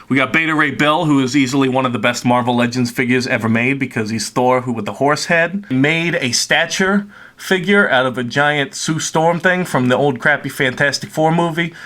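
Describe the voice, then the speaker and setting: A man's voice: mid-range voice, pushed and bright. A man giving a casual, rambling tour of his collection at home, joking often and filling gaps with "uh" and "we got.". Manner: rambling and jokey, lots of "uh" and "we got". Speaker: vlogger showing his toy collection.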